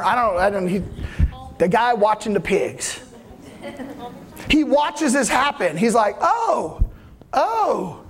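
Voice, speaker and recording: Man, pastor, sermon, very high voice, animated, jokey, checks in with listeners. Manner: animated, laughing, asks for agreement.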